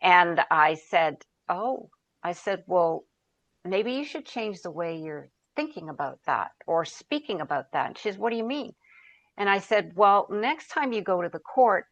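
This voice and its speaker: Low-voiced woman telling coaching stories. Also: big pitch swings, unhurried, lo-fi sound. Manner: storytelling, searches for words, quotes herself and others. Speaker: podcast guest, founder and coach. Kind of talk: conversational interview.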